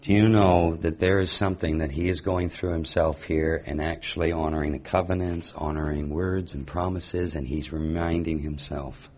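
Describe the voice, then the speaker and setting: A man gives a sermon in a very deep, husky voice. He reads scripture aloud, then pauses to reflect on it. He keeps asking his listeners rhetorical questions. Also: fairly even intonation, darkish tone. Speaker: Bible teacher.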